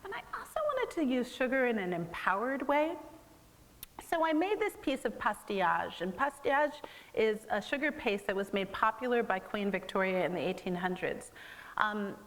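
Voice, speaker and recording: Artist, woman, gallery talk; conversational and explanatory, mid-pitched, long room reverb. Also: very animated, moderate pace, fairly bright tone. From American. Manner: conversational, explanatory, with many fillers. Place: museum gallery.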